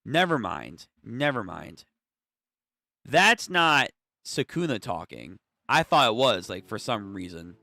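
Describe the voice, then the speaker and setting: Young male host, excitable, swears, trips over names; very lively pitch and a bright, pointed tone. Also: slow, gravelly, no echo, clean studio sound. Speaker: channel host reading manga aloud. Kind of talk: casual read-through with live reactions.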